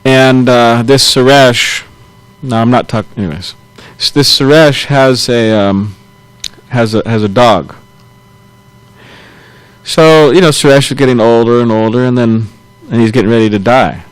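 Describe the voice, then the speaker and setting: Casting note: a man leading a scripture class at mid pitch, easygoing and halting, chuckling as he retells a story. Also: smooth, dry recording, rough recording. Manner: loose, halting retelling with chuckles and self-corrections. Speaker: temple class speaker.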